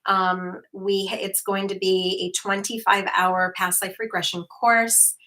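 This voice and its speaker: A woman hosting a casual livestream talks slowly, with many pauses and fillers. Her voice is bright and clear and keeps a relaxed, chatty flow. She talks straight to her viewers and reads their comments aloud. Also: medium pitch. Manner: chatty, with frequent fillers and restarts. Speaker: host, hypnotherapist.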